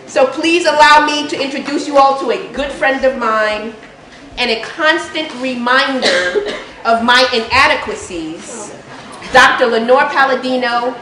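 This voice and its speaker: A woman's voice: high-pitched, unhurried, distant mic, crowd noise. A woman instructor giving a playful, teasing introduction of a guest speaker to her class. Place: college lecture room. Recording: echoey room with faint noise.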